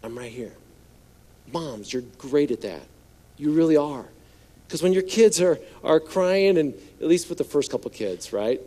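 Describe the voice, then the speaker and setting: A male pastor preaching a sermon in a conversational, joking way, slipping into hushed voices for quoted lines. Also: on the high side, animated, moderate pace. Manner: conversational, playful asides, acts out quotes in hushed voice.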